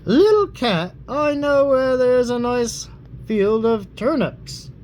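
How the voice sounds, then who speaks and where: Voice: mid-range voice, animated, takes it slowly, darkish tone, a little hiss or hum, pitched above the performer's own voice. An adult reader voicing the big bad wolf in a bedtime story, in a sing-song, coaxing voice. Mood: scheming.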